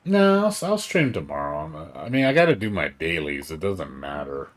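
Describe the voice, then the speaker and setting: A man chatting casually on a live game stream, rambling and excitable, swearing often and tired from staying up all night. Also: sits low, normal speed.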